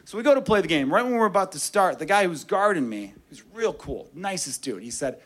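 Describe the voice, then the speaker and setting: A man telling a stand-up story, profane and animated, dropping low and hushed then getting loud. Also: fairly quick, hardly any pauses. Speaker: stand-up comedian.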